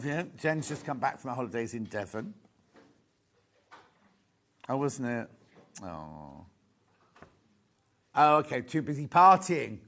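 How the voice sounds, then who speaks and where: A man's voice: medium pitch, fairly bright tone. A man with a Yorkshire accent presenting fabric on a live shopping channel, chatty and gushing, full of asides. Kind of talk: live TV sales chat.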